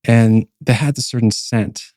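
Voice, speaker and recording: A man shares a long personal testimony on a podcast, circling back through fillers and restarts as he tells it. His voice is warm and mellow with a middle pitch. The sound is dry and close, with no room echo. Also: fairly even intonation, unhurried. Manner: rambling, many fillers and restarts. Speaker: podcast co-host.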